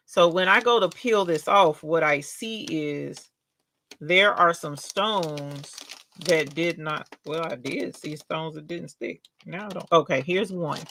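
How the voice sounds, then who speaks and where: An older woman, a grandmother, hosting a casual live craft stream and telling an animated, chatty story while demonstrating. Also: deep voice, slow pace, creaky, slight background noise, rough recording.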